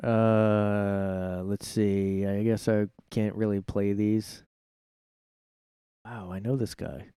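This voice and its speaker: A man's voice: lowish voice, flat delivery, slow pace, warm tone, clear, resonant tone, dry recording, studio quality. A man hosting his own show from his room, ranting casually in a rambling, sarcastic way with plenty of swearing. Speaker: podcast host. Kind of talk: casual solo commentary rant.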